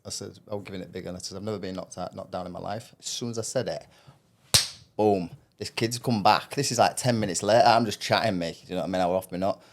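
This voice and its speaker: A man with a low voice. He rambles through a story in relaxed podcast chat and keeps asking 'you know what I mean'. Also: fast, a little hiss or hum. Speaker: podcast co-host. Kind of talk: casual chat.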